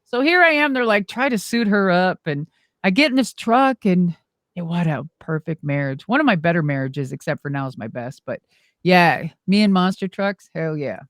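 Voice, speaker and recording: A middle-aged woman telling stories in an interview in a lively, rambling way, acting out the voices she quotes and swearing casually. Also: fairly low pitch, moderate pace, no echo, studio quality. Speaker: guest, former wrestler and monster truck driver.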